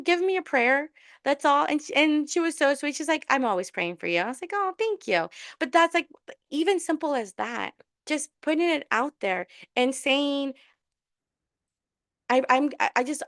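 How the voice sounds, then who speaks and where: A woman's voice: fairly high pitch, a bit bright, no room sound. Encouraging spiritual coach woman, dry close sound. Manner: earnest, encouraging, many restarts. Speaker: tarot reader and spiritual coach. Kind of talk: casual spiritual workshop talk.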